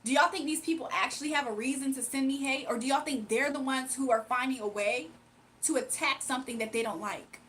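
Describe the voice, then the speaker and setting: A young woman is hosting a livestream and venting heatedly, repeating herself for emphasis while talking to her chat. Her high voice moves fairly quickly and has a bit of brightness, over slight background noise.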